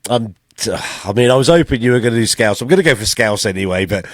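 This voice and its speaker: A man's voice: mid-range voice, lively intonation, quick pace, dry recording, studio quality. A man co-hosting a podcast, easygoing and laughing as he guesses aloud. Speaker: podcast co-host. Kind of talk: casual podcast chat.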